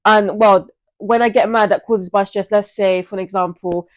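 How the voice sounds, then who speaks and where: A teenage girl co-hosts a casual podcast conversation. She speaks at a medium pitch, hesitant and thoughtful, and often restarts her sentences as she works out what she means. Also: steady tone, moderate pace. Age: teens. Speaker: podcast co-host. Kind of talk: casual chat.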